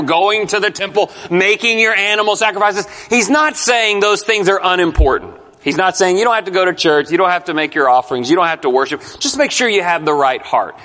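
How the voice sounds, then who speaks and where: A man preaching a sermon, dramatic, swinging between loud stresses and quiet drops. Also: high-pitched. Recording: long reverb of a hall.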